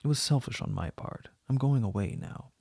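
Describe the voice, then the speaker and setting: A sarcastic, fashionable society princess, as a male audiobook reader puts her on, speaking with affected, mocking politeness. The voice has a gravelly edge and a husky grain, heard close and dry. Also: medium pitch, moderate pace, dark tone, no room sound.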